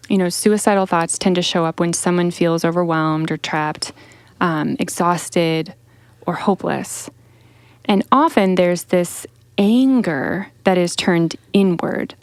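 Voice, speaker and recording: A woman co-hosting a podcast and speaking as a clinician, explaining calmly and steadily with frequent "you know" fillers. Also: fairly low pitch, no room sound. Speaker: podcast co-host and mental health clinician. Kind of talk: casual faith-based discussion.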